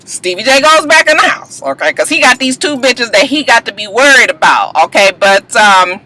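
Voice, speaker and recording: A woman recapping a reality TV episode in a profane, gossipy, animated way. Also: on the high side, moderate pace, rough recording. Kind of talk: casual recap vlog.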